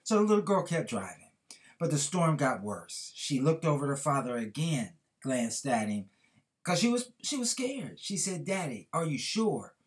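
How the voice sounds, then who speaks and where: A man's voice: on the high side, big pitch swings, moderate pace. A man hosting a podcast, telling a motivational story with earnest, preacher-like emphasis. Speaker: podcast host.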